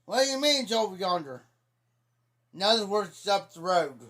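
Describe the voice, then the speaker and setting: A man from talks in a high voice. He rambles through folksy stories about local sayings. He teases his listener as he goes. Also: very animated, normal speed, fairly bright tone. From Ohio. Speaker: livestreamer. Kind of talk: casual storytelling.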